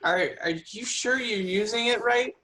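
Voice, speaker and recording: A man's voice: very high voice, moderate pace, bright, forceful tone. A man running a tabletop game as game master, patiently explaining the rules to the players.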